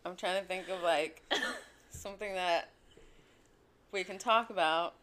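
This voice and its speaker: A young woman chatting casually as a podcast co-host, telling profane stories with lively quoted voices. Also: lowish voice, a little slow, slight background noise. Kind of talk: casual chat.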